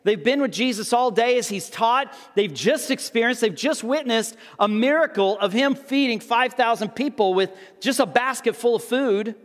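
A man's voice: very high-pitched, normal speed, few pauses, fairly bright tone, big-room sound. A pastor preaching a sermon in a conversational way, acting out the people in the story as he reads and explains. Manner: conversational, acts out the disciples' voices.

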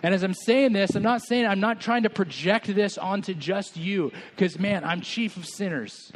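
A man's voice: sits high, moderate pace, slight background noise. Candid man preaching a conversational sermon. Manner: candid, conversational, self-deprecating. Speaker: senior pastor. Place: church.

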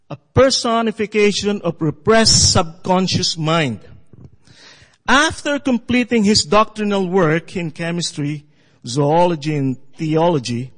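A man preaching a sermon, telling a story with halting phrasing and calling for amens. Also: sits high, long reverb tail, poor audio.

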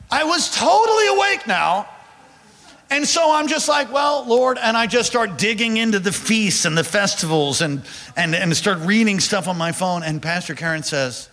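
High-voiced and animated, a male pastor delivers a sermon in a large church or hall, his words trailing into long reverb. He shares a story from his own life and addresses the congregation directly.

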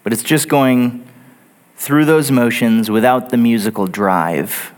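A man's voice: mid-range voice, slow. A man preaching a sermon in a church, earnest and building his points through lists and repetition. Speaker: pastor. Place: church sanctuary.

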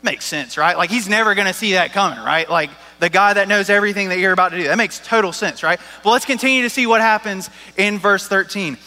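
Bright-voiced man preaching in a reverberant hall. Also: high-pitched, quick pace, hardly any pauses. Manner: casual and joking, with lots of "like" and "right?". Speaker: pastor. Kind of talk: sermon.

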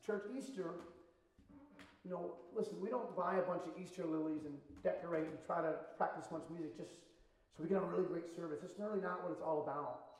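A male pastor preaching a sermon in a casual, conversational way, moving between hushed and emphatic passages. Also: sits high. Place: church sanctuary. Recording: echoey church hall, mic at a distance.

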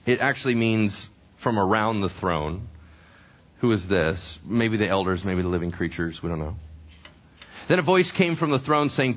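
A man preaching a sermon with a very lively, swooping voice. He keeps putting questions to the congregation and answering them himself. The recording sounds dull and lo-fi. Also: on the low side, moderate pace. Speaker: pastor. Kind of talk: sermon teaching from scripture.

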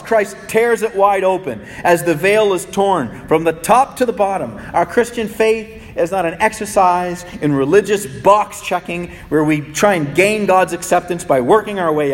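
A man preaching a sermon as pastor, his delivery swinging between soft, low pleading and raised, urgent peaks. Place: church sanctuary. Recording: long reverb of a large hall.

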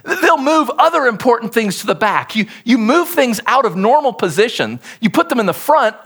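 A man delivers a sermon as a pastor with a fairly high voice. His pitch swings widely as he teaches, pressing hard on key points. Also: normal speed. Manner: expressive, emphatic teaching delivery.

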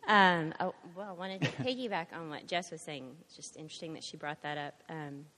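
A woman from the congregation shares a testimony in a halting way, pausing often on fillers. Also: deep voice. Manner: warm-hearted, halting, with many fillers. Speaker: congregation member. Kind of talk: sharing testimony in church. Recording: long hall reverb.

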